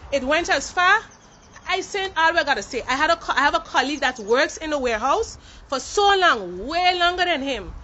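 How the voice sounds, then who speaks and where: Bright, forceful and high, this warehouse employee's voice drives an emphatic protest speech to the camera. She's indignant and mixes French into her English partway through sentences. The sound is lo-fi.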